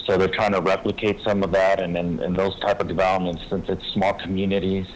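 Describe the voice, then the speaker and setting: Low-voiced man testifying at a city meeting. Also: little pitch movement, a little hiss or hum, poor audio. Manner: halting, restarts, plain explanatory. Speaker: applicant's engineer.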